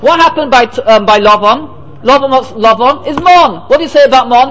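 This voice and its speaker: A man with a very high voice gives a Torah lecture as a rabbi. He asks rhetorical questions, answers them himself, and slips into the voices of the people he quotes. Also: fairly quick, rough recording. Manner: lively, acts out the people he quotes.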